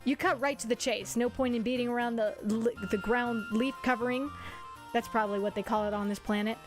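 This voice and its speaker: A bubbly woman streamer with a high voice, chatting and narrating a game story aloud with quick, self-deprecating asides. Faint music plays underneath her. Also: steady tone.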